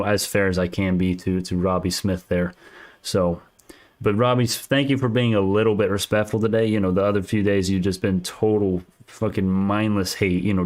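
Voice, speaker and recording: Argumentative low-voiced male stock streamer. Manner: argumentative, restarts sentences often. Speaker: stock market livestream host. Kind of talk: casual livestream talk reading chat.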